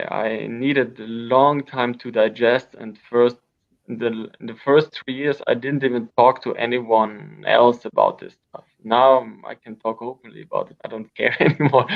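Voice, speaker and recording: Gravelly man telling wild stories. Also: medium pitch. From Austria. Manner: rambling, animated storyteller with frequent restarts. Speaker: guest. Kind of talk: storytelling in an interview. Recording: dull lo-fi sound.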